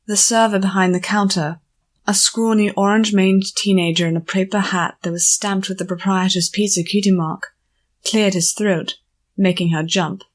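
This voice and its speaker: A woman narrating an audiobook chapter in a measured storytelling manner. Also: medium pitch, steady tone. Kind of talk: scripted narration.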